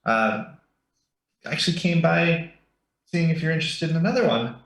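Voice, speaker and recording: A man's voice: on the high side, expressive, moderate pace, vocal fry, fairly bright tone. A man putting on a folksy adventurer. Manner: put-on folksy accent, laid-back. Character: male adventurer, folksy trader. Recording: very echoey, distant mic.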